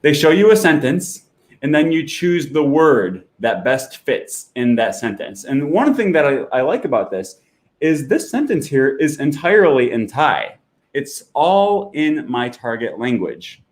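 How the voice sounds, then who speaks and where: A man hosting a language-learning channel, explaining in a relaxed, chatty way with fillers and self-corrections while he clicks through an app. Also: a little high, a little slow. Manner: walks through an app on screen while talking. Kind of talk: casual explanatory talk.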